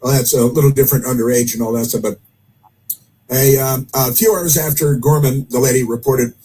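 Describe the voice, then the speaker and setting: A man's voice: medium pitch, fairly even intonation, a little fast, warm tone, slightly rough, low-quality recording. A man hosting casual political commentary, rambling with many fillers and dry sarcastic asides. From United States.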